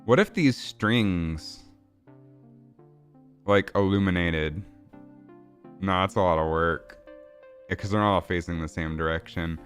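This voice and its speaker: A man's voice: deep voice, a little slow, long pauses, soft background music. A man casually chatting with viewers while building a game, rambling, swearing and laughing. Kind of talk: casual livestream chat.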